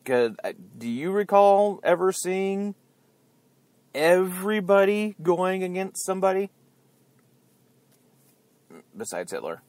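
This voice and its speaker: Lively, sarcastic male podcast ranter. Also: high-pitched, takes it slowly, pauses often, dry recording. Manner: chatty and sarcastic, laughing at his own jokes. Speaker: podcast host. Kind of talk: rambling political rant. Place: outdoors near beeping buses.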